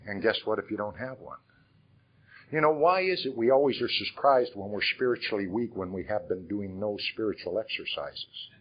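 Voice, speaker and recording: A man's voice: fairly low pitch, moderate pace, highs cut off. An older man from Iowa telling his life story to a conference audience, conversational and frank, with rhetorical questions. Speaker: speaker at a recovery conference. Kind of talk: personal testimony talk. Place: conference hall.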